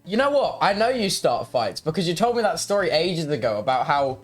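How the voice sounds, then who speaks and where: A man's voice: fairly high pitch, sing-song, fairly quick, faint music behind. A young man, a guest on a casual stream, bantering in a teasing, easygoing way. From United Kingdom. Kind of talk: casual chat.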